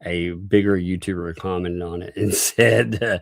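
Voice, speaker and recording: Low-voiced Southern man chatting on stream. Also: fairly even intonation, moderate pace, creaky, hardly any pauses, no room sound, clean studio sound. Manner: laughs often, reads viewer messages aloud. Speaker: livestream host. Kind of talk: casual livestream commentary.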